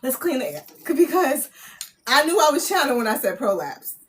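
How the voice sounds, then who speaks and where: Woman, high voice, very animated, casual live-stream chat, playful and teasing, laughs a lot. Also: fairly quick. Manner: laughs often, loud and playful, teasing the viewers. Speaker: spiritual reader channeling messages on a live stream.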